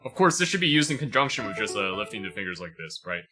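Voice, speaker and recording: A man's voice: fairly low pitch, big pitch swings, quick pace. Patient man teaching piano. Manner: patient, explains while demonstrating, often asks "right?". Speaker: piano teacher reviewing a student. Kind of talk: livestream piano lesson. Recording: piano music playing behind.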